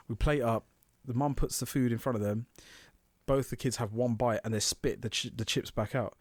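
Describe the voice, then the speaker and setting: A man on a close podcast mic, dry and present, chatting casually and swearing freely. He tells his story with lively put-on voices for the people he quotes. His pitch sits mid-range for a man. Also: brisk, dry recording. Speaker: podcast co-host. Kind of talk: casual chat.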